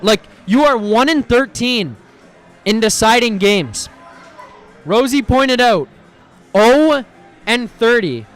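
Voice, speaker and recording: A man's voice: very high-pitched, fairly bright tone. A man hosting a live post-game reaction stream, ranting in a heated, profane, exasperated way, often stumbling over his words as he restarts.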